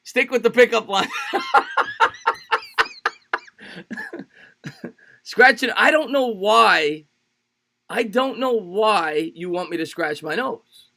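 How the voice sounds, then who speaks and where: A man hosting a live sports stream, calling plays in quick bursts, greeting chatters by name and cracking jokes. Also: high-pitched, animated, creaky, sharp tone. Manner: rapid play-by-play calls, greets chatters by name; jokey and loose, repeats phrases. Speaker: livestream sports host. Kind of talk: live play-by-play commentary and chat reading.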